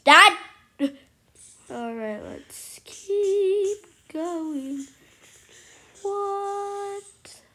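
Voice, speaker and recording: A woman giving excitable commentary on her gameplay, exclaiming and at times whispering to her viewers. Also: high voice, slow, pauses often. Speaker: gameplay streamer.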